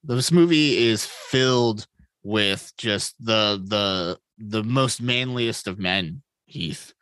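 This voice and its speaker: A man co-hosting a casual podcast, his voice bright and forceful. He talks excitably and swears freely, and the dry, close sound has no room echo. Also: lowish voice, takes it slowly, smooth. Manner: profane, excitable, laughs often. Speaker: podcast co-host. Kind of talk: casual movie chat.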